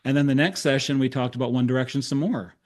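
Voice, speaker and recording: Middle-aged man, therapist giving a conference talk, lively storyteller, acts out dialogue, wry humor. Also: medium pitch, fast. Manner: animated storyteller who acts out quoted dialogue; self-deprecating humor, chuckles. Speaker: therapist presenting case studies.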